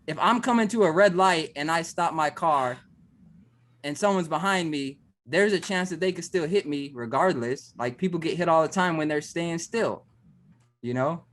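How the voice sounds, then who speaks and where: A man with a slightly high voice hosts a casual podcast. He argues his side insistently and circles back over the same point. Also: moderate pace, fairly bright tone. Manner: insistent, repeats himself while arguing. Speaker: podcast host.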